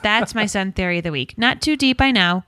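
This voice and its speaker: A woman's voice: medium pitch, expressive, a little fast, pushed and bright, clear, resonant tone, dry recording, clean studio sound. A young woman co-hosting a TV podcast in a playful, bubbly casual chat. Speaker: podcast co-host.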